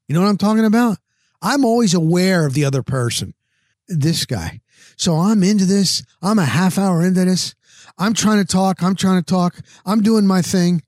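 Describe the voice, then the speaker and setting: A man's voice: high voice, dry recording, studio quality. Rambling, exasperated male podcast host. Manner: rambling, exasperated, animated retelling. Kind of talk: casual storytelling monologue. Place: home back patio, outdoors.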